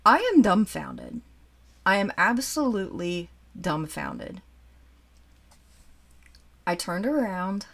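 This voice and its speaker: A woman in her forties who collects dolls, telling a childhood story in a chatty, animated way while showing a doll to the camera. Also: medium pitch, slow, creaky, pauses often. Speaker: doll collector and channel host. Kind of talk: casual storytime chat.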